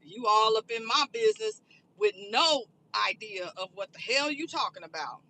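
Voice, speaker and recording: A woman's voice: on the high side, lively intonation, normal speed, pushed and bright. A woman content creator delivering a blunt, profane, confrontational rant to the camera. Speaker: online commentary creator. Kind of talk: angry rant vlog.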